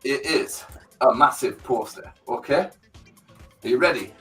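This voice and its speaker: A man's voice: medium pitch, animated, a little slow, a bit bright, slightly rough, faint music behind. A middle-aged man, chatting casually with a friend as co-host, calling him mate and swearing freely. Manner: chatty, matey, swears freely, many fillers. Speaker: podcast co-host. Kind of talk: casual chat between friends.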